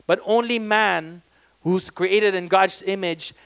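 A man's voice: high voice, takes it slowly, creaky, a bit bright, clear, resonant tone. A man with a Filipino accent preaching a sermon in a conversational way, often restarting and repeating words, switching between English and Tagalog.

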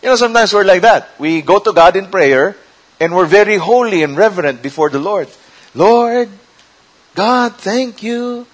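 A man's voice: high voice, expressive, brisk, low-quality recording. A man preaching a conversational sermon, dropping into Tagalog asides.

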